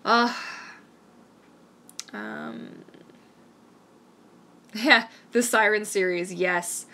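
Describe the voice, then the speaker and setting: A woman's voice: mid-range voice, extremely slow, gravelly, bright, forceful tone. A Canadian woman hosting a live-stream Q&A, chatting in a rambling, enthusiastic way. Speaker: mermaid vlogger hosting a live Q&A. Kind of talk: casual live-stream chat.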